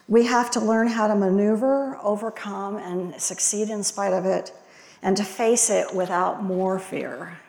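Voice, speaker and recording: A woman giving a reflective sermon, asking one rhetorical question after another. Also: medium pitch. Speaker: lay preacher. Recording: long hall reverb.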